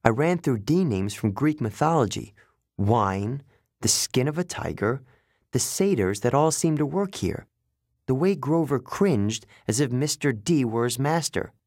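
A male narrator reads a first-person story in a steady, matter-of-fact way. His voice sits at a middling pitch, recorded dry and close with no room sound. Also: measured pace, no room sound. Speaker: audiobook narrator.

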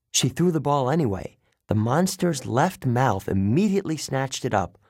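A man giving steady, measured first-person audiobook narration. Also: medium pitch, no room sound, clean studio sound.

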